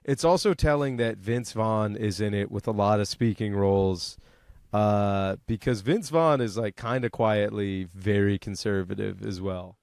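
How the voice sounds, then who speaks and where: A man's voice: fairly low pitch, measured pace, creaky, clean tone, no echo, studio quality. A man co-hosting a comedy podcast, swearing freely and breaking into silly voices during casual banter. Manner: profane, animated, puts on voices for jokes. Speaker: podcast co-host.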